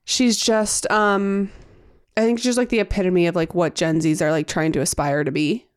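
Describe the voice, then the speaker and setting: A woman's voice: on the low side, steady tone, normal speed, smooth. A young woman co-hosting a casual podcast chat, giggling often and trailing off into fillers. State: pregnant. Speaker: podcast co-host.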